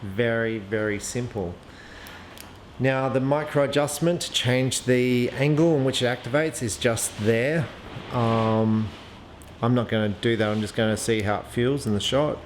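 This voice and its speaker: A man talks through a piece of archery gear in a relaxed, unscripted way, often pausing on "um" and restarting his sentences. His voice sits at an ordinary middle pitch. The room rings with echo, and there is a faint hum of ambient noise behind him. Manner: chatty, hesitant, lots of ums and restarts. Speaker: archery equipment reviewer. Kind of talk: casual product review, thinking aloud.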